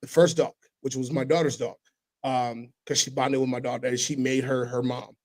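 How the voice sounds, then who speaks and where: A man hosting a casual podcast, telling stories with animated delivery and sudden loud impressions. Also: medium pitch, moderate pace, low-quality recording. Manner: animated storytelling, breaks into loud shouted impressions. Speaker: podcast host.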